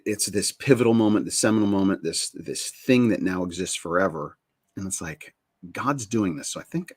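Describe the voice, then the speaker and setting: Deep-voiced rambling man host. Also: husky, no room sound. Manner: rambling, self-interrupting, laughs at himself. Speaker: show host. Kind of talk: casual chat.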